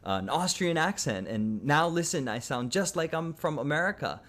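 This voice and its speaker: A man's voice: fairly high pitch, animated, moderate pace, fairly bright tone, voice pushed up. A man putting on an eager, boastful movie star.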